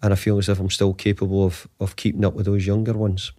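Low-voiced man telling a story in his fifties. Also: monotone, noisy background. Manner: halting, often repeats words and restarts. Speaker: football manager, interview guest. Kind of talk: conversational storytelling.

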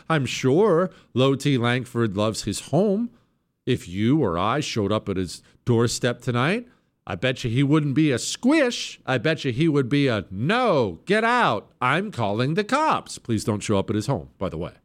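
Male talk radio host, emphatic and sarcastic, lively pitch. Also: normal speed. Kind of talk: political talk radio monologue.

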